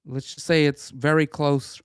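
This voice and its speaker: A middle-aged man co-hosting a casual political podcast, talking in an animated, stammering, jokey way. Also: fairly high pitch, measured pace, clear, resonant tone, no room sound, clean studio sound. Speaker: podcast co-host.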